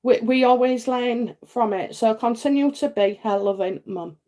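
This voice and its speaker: Speaking at a moderate pace in a slightly high, mellow voice, a woman runs a live psychic stream and responds to viewer questions. Her manner is talkative and comforting, loaded with fillers and repeated "okay?" checks.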